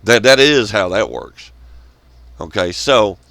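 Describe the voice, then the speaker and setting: A man's voice: lowish voice, big pitch swings, slow, creaky, sharp tone, no room sound. A man hosting his own channel, delivering a profane, sarcastic ranting monologue and mocking others in scornful quotes. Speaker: channel host.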